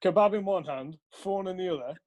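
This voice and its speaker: A man's voice: high voice, a little fast, darkish tone. A young man casually telling a rambling story, swearing often and laughing along. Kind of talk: casual chat.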